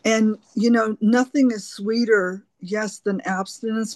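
Her medium-pitched voice a little mellow and fairly even in intonation, a woman tells her recovery story at a twelve-step meeting, halting, slow, and repeating herself. She sounds earnest and open, and the close, dry recording has no room sound.

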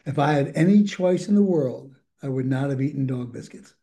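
A man's voice: medium pitch, lively intonation, moderate pace, mellow. An older man giving a candid, rambling recovery share, chuckling often as he talks. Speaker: recovery program speaker.

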